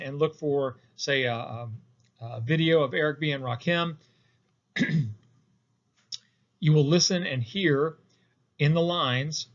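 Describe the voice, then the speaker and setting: A man's voice: on the high side, a bit bright, muffled recording. A man teaching poetic meter in a recorded lecture, explaining step by step with many fillers and restarts. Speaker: poetry instructor.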